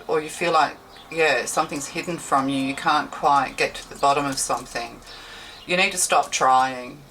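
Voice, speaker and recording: A woman's voice: deep voice, fairly bright tone. A woman giving a casual tarot reading, chatty and rambling, often correcting herself mid-sentence. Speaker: tarot reader. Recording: slightly distant mic with faint background hiss.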